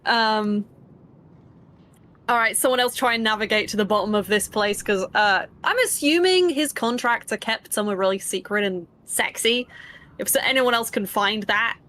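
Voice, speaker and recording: A woman's voice: on the high side, normal speed, a bit bright. A woman player in a tabletop game, casual and playful, swearing freely.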